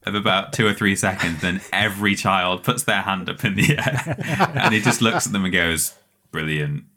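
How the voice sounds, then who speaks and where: A man with a very low, deep voice co-hosts a casual podcast. He spins long, rambling anecdotes and breaks into laughter as he goes. The talk is loose, friendly banter among friends. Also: normal speed, sharp tone, a little hiss or hum. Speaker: podcast co-host.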